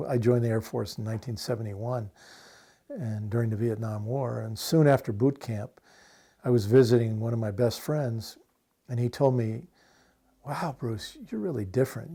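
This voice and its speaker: Earnest older American activist, mellow voice. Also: male voice, mid-range voice, steady tone, normal speed, husky. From United States. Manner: earnest and impassioned, with frequent fillers and restarts. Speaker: activist being interviewed. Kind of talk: reflective interview answer.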